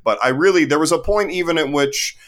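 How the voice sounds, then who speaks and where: A man co-hosting a casual film review chat, joking in a deadpan way. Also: fairly high pitch, fast. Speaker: podcast co-host.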